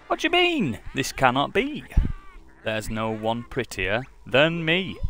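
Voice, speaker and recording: A spiteful old video game witch gloats in sing-song rhyme, as a man reads her lines aloud. The voice is bright and lively in pitch, taken at an unhurried pace. Faint music plays underneath. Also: full character voice. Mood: gloating. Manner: sing-song rhyming reading. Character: vain spiteful old witch woman, rhyming.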